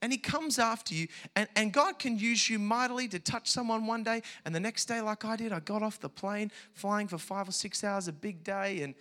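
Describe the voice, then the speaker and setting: A man preaching a sermon as a personal story, animated, swinging from hushed asides to shouted peaks. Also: high voice, moderate pace, few pauses.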